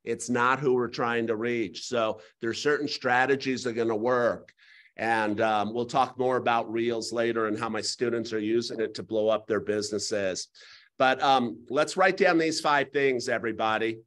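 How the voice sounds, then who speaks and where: A middle-aged man teaching a live real estate class, talking in a folksy way and telling stories with quick asides. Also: mid-range voice, steady tone, a bit bright. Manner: folksy, storytelling, rapid asides.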